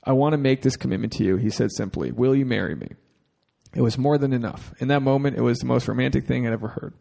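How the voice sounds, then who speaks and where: A man's voice: medium pitch, fast talker, gravelly, mellow. A man co-hosting a podcast, reading a listener's email aloud with crude jokes and asides. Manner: jokey, crude asides, gets teary. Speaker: podcast co-host.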